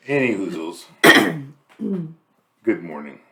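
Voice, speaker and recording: A winded, weakened middle-aged man with a very low voice trades dry, teasing quips in a casual chat. His voice rings a little in an echoey room. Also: animated, slow pace. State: weak and easily winded. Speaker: husband sharing an illness update.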